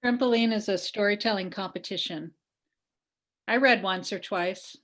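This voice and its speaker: A woman's voice: medium pitch, normal speed, a bit bright. A woman hosting a video call event, friendly and teasing. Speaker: event host. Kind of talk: casual video call chat.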